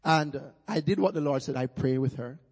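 A Jamaican guest pastor preaches a sermon in a somewhat high, slightly fast voice with a darkish tone, rousing the congregation with calls for praise. Long church-hall reverb fills the recording.

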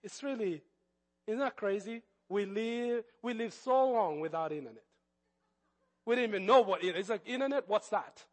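A middle-aged man preaching, telling a personal story in an animated, expressive way. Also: high voice, moderate pace. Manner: animated storytelling, lively swings of loudness. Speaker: pastor.

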